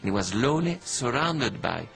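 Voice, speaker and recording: A man in an interview, explaining history in an emphatic, deliberate way. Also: medium pitch, sing-song, gravelly, over music. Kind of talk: interview commentary.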